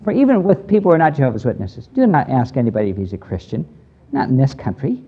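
A man's voice: medium pitch, very animated, fast talker, breathy edge. An older man from the United States preaching a sermon in an earnest, plain-spoken way that rises into emphatic preaching. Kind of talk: sermon with a storytelling tone. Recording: dull lo-fi recording.

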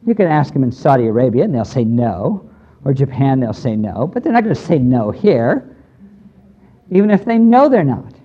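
A man's voice: medium pitch, sing-song, normal speed, husky. Older man preaching on a dull recording. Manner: earnest, plain-spoken, rises into emphatic preaching. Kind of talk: sermon with a storytelling tone.

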